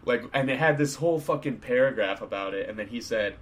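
A man's voice: mid-range voice, quick pace, few pauses, a little hiss or hum. A man co-hosting a casual podcast chat, laid-back and swearing freely as he retells stories. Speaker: podcast co-host.

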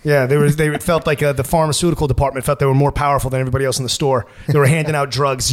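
A man as a podcast guest, telling stories in an energetic, profane, casual way. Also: medium pitch, rapid-fire, hardly any pauses. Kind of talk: casual chat.

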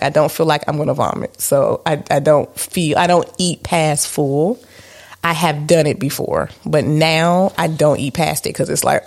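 Candid chatty woman with a gravelly edge. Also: sits low, darkish tone. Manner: candid, self-deprecating, chatty with fillers. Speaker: podcast co-host. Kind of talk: casual chat.

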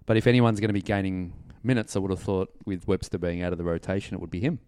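A man from New Zealand speaks in a smooth, resonant, fairly low voice, recorded close and dry. He weighs each point calmly and backs it with numbers. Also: dry recording. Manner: measured, quotes stats. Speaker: podcast co-host. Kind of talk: casual fantasy sports analysis.

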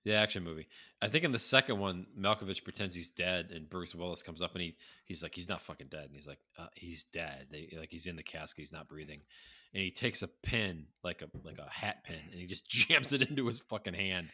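A man's voice: low-pitched, fairly quick, sharp tone. A man co-hosting a casual chat, telling stories with plenty of swearing and laughter. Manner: profane, laughing storyteller. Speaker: podcast co-host.

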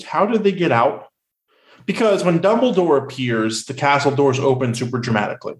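A man co-hosting a casual podcast, rambling with lots of fillers and animated questions. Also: a little high. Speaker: podcast co-host. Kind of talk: casual chat.

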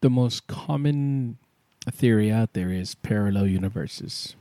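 A man's voice: on the low side, measured pace, warm tone, dry recording. A man co-hosting a casual chat, teasing the others in a dry way. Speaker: podcast co-host.

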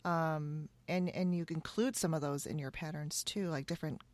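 A woman's voice: low voice, fairly even intonation, moderate pace, no echo. A woman hosting a casual interview, enthusiastic and chatty, often saying "um" and "yeah".

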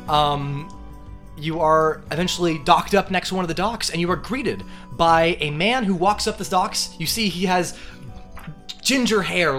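Brief: young man running a tabletop game, bright, relaxed, faint music. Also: fairly high pitch. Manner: casual, with fillers and laughs. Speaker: game master.

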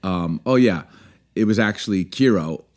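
A man co-hosts a relaxed podcast with his wife, and his voice sits on the low side. He keeps things playful and jokey. He often jumps into silly voices and bits of song. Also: moderate pace. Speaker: podcast co-host. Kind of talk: casual chat.

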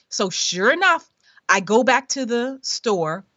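Woman, middle-aged, podcast guest, animated storyteller, laughs often, dull lo-fi sound, dry. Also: on the high side, slow pace, no room sound. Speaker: guest sharing a money story. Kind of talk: conversational storytelling interview.

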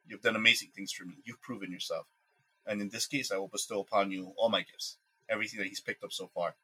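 A man's voice: on the low side, fairly even intonation, quick pace, bright, forceful tone, slightly rough, full character voice, rough recording. A man putting on a solemn ancient spirit father. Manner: solemn, commanding.

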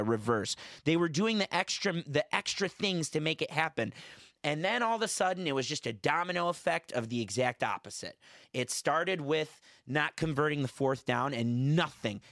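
A man's voice: mid-range voice, fairly bright tone, dry recording. A man co-hosting a casual sports podcast, arguing his case and breaking down plays point by point. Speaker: podcast co-host.

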